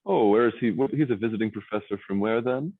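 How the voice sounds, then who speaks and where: A man's voice: fairly low pitch, fast, husky, no echo, voice pushed up. A man voicing a pompous, self-satisfied Oxford professor with a put-on upper-class English accent, over a tinny, phone-like line. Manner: affected, plummy, self-satisfied. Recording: dry tinny phone-like sound.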